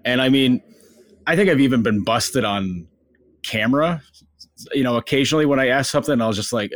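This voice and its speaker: A man co-hosting a podcast who works as a sports reporter, talking casually in a halting, self-mocking way. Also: medium pitch, animated, no room sound, studio quality. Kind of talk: casual chat.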